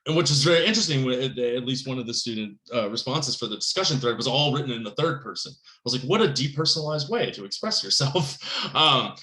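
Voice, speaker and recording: A man giving a recorded writing lecture in a conversational, rambling way, often checking in with "right?" and getting animated on key points. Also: fast talker, hardly any pauses, roomy sound, poor audio. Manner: animated, pitch jumps up on emphasis. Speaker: writing instructor.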